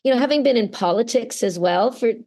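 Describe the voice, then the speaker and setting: A woman's voice: fairly high pitch, brisk, dark tone. A middle-aged woman from Canada speaking earnestly and expressively in an interview, acting out the people she quotes. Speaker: voice actor guest. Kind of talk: interview conversation.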